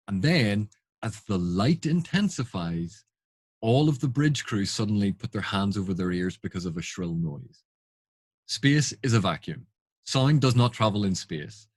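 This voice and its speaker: A man with a low, husky voice gives unscripted reaction commentary. He is exasperated and asks pointed rhetorical questions. The recording is dry and close. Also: lively intonation, measured pace, dry recording. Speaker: film and TV critic.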